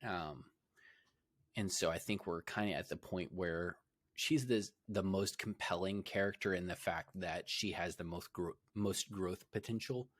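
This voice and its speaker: A man's voice: sits low, unhurried, fairly bright tone, no echo. A young man co-hosting a podcast, chatting casually and rambling with many fillers and restarts. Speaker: podcast co-host. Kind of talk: casual chat.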